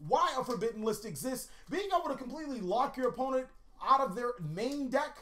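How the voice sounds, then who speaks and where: This YouTube card-game host has a high, animated voice with a fairly bright tone, and she talks a little fast. She keeps her countdown commentary casual and comedic, swearing freely and telling rambling joke anecdotes.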